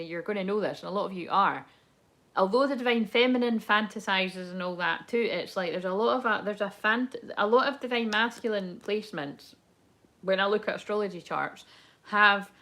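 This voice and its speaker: Reading tarot in a relaxed way, this young woman rambles, speaks candidly, and curses and laughs a lot. Her voice is medium in pitch with a fairly bright tone.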